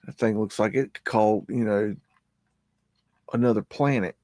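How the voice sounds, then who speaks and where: A man's voice: on the low side, fairly even intonation, measured pace, dark tone, no room sound. A man hosting a live stream, rambling casually as he comments on old photos and scolds his dog in between.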